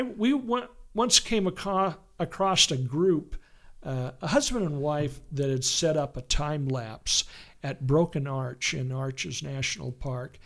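A man who runs photography workshops talks in a relaxed, conversational way. His voice sits slightly high for a man. He tells stories with animation and acts out what other people said. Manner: animated storytelling with quoted voices. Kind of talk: casual conversation.

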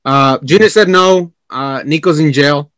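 A man's voice: fairly high pitch, a little slow, a bit bright, no room sound, clean studio sound. A young man hosting a casual podcast. He reads out fan questions and jokes in slangy banter. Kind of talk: casual chat.

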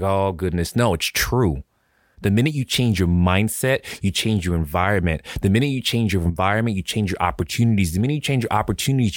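A man's voice: on the low side, no room sound, clean studio sound. A man hosting a casual interview, talking in an earnest, emphatic way. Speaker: host.

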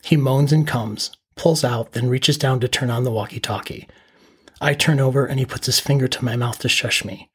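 A middle-aged man hosting a podcast, telling his own story in a calm, matter-of-fact present tense. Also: mid-range voice, moderate pace, husky. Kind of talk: first-person story narration.

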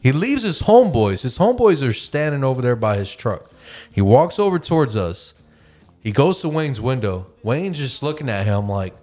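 A man hosting a podcast and telling a long, animated story, swearing freely and acting out the voices of the people in it. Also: medium pitch, normal speed, soft background music. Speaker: podcast host. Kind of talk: casual storytelling.

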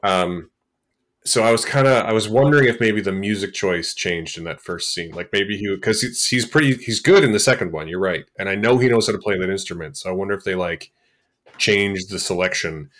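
A man co-hosting a podcast, chatting casually about a film, animated and quick to act out reactions. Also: low-pitched. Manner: animated, laughing, acts out reactions. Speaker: podcast co-host. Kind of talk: casual film review chat.

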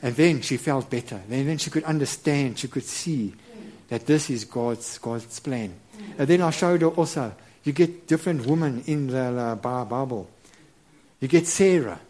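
Halting, stammering middle-aged male preacher. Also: mid-range voice, darkish tone. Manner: halting, many repeated words and restarts; earnest and reverent. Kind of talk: sermon.

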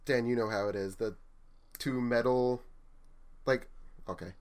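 A man's voice: mid-range voice, unhurried. A young man, a store manager, telling work stories in casual chat and acting out what people said. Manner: animated storyteller, acts out quotes.

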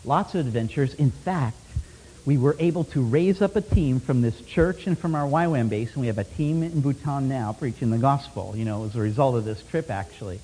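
A man preaching a sermon as a lively story, laughing often and swinging from loud bursts to hushed asides. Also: mid-range voice, brisk, husky. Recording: long hall reverb.

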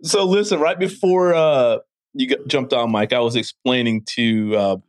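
A man's voice: mid-range voice, normal speed, no room sound. A man hosting a podcast, talking in casual, profane, rambling chat and laughing often. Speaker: podcast host.

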